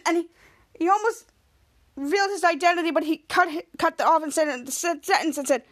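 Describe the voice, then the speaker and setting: A woman's voice: high voice, normal speed, a bit bright. A woman podcast host casually recapping a TV episode, rambling and correcting herself as she goes. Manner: rambling, self-correcting retelling.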